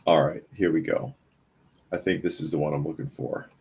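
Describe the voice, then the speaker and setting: Deep-voiced man mocking the news. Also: steady tone, normal speed, a little mellow, breathy edge. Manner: mocking, chuckling while reading chat comments. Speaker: podcast host. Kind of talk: live-stream news commentary.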